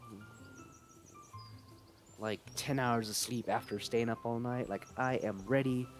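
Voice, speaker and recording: A man's voice: mid-range voice, fairly even intonation, slow pace, faint music behind. A young man chatting casually through a game live stream, rambling and playful, reading the game's dialogue aloud.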